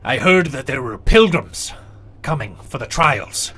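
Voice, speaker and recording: A man's voice: mid-range voice, expressive, measured pace, bright, forceful tone, breathy edge, heavily acted. A man voicing a boastful, bossy male frost giant with several heads, bellowing his lines at a tabletop game. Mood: demanding.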